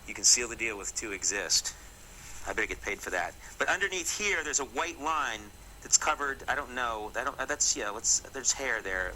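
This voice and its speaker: A man's voice: mid-range voice, bright, forceful tone, a little hiss or hum, rough recording. A middle-aged man from Massachusetts, hosting a comedy segment and telling stories to camera in a jokey, mock-serious way with wry asides. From Massachusetts, USA. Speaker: comedy show host. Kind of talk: comic talk to camera.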